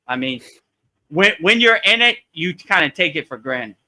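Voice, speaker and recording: With a fairly high, bright voice and lively intonation, he speaks at a normal speed in a forceful tone. He's running a live spiritual Q&A session, telling stories casually and animatedly, performing the quotes he cites and laughing often.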